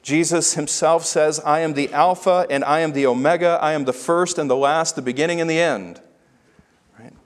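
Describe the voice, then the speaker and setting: A pastor delivers a sermon in a somewhat high voice. He preaches emphatically, slowing down to press home his key phrases. His words ring out with the long reverb of a large hall. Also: fairly even intonation.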